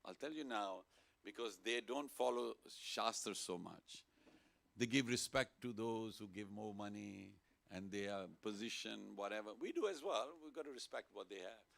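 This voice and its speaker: A man gives a casual sermon in a temple hall, with a gravelly edge to his voice. He keeps it playful and lively and draws the listeners into call-and-response chanting. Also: on the low side, normal speed. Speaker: temple speaker. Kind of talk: informal sermon to a congregation.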